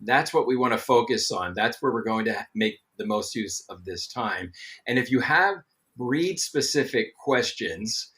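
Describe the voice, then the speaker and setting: A man's voice: mid-range voice, expressive, unhurried, a bit bright. A middle-aged man hosting a live webcast, chatting in a friendly way with many ums and greeting viewers by name. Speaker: show host. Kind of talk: live webcast host chat.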